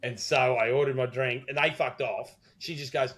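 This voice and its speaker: A man's voice: mid-range voice, steady tone, normal speed, a bit bright. An Australian man co-hosting a podcast, telling a rambling, swear-heavy story in casual chat. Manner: profane, rambling storyteller with many restarts. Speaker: podcast co-host.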